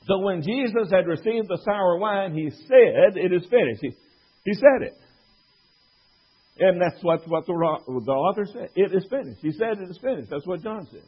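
A man's voice: sits high, animated, normal speed, breathy edge. A man teaching from the Bible, making an argument and quoting scripture with rhetorical questions. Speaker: preacher. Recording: dull lo-fi recording.

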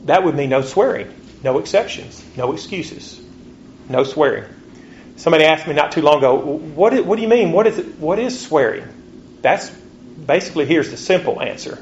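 Male preacher, fairly high voice, slow emphatic scripture reads, dull lo-fi recording. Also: lively intonation, a little hiss or hum. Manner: reads scripture slowly, rising pitch on rhetorical questions. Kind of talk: sermon. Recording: dull lo-fi recording with faint ambience.

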